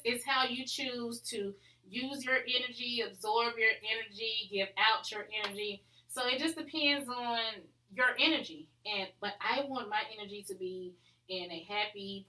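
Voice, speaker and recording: A woman's voice: fairly high pitch, moderate pace, bright, forceful tone, roomy sound, poor audio. A woman hosting her own podcast, talking casually and upbeat with plenty of fillers. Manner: chatty and upbeat, many fillers. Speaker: podcast host. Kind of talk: casual solo podcast talk.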